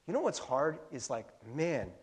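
A man preaching a sermon as a pastor, telling a story with animated asides and chuckles, in a slightly husky voice. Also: fairly high pitch, normal speed.

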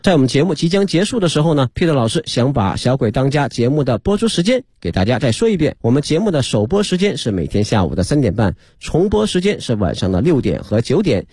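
A male radio host quickly runs through air times and listening options. His voice is dark and a bit husky, recorded dry and close. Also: medium pitch, big pitch swings, no room sound. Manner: brisk, informative. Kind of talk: radio announcement.

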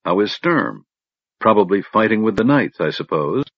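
A man's voice: on the low side, sing-song, normal speed, husky, dry recording, heavily acted. Een zelfverzekerde vrouwelijke legeraanvoerder, door een man gespeeld, plagerig en dreigend, levendig en hoger, doffe droge opname. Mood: teasing. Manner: playful, pleasantly menacing. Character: confident, teasing female warrior commander. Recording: dull lo-fi recording.

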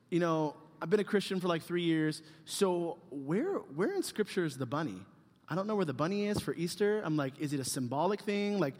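A man giving a casual, humorous youth sermon, rambling and joking with lots of fillers. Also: a little high. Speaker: youth pastor. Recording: long hall reverb.

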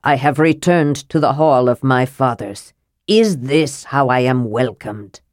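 A woman voicing an old male dwarf possessed by a dead prince, speaking slowly in a stern, cold voice. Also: rumbling low, expressive, darkish tone, no echo, studio quality, voice pushed down. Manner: slow, hard.

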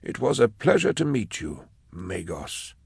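A man narrating an audiobook, voicing a mysterious male wanderer in a soft, slow, higher, lilting voice. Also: big pitch swings, creaky, slightly rough, dry recording, studio quality, heavily acted. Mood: genial.

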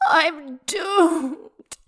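A woman's voice: medium pitch, animated, a little slow, lightly acted. A woman voicing a young male snake spirit, drunk, wry and self-pitying.

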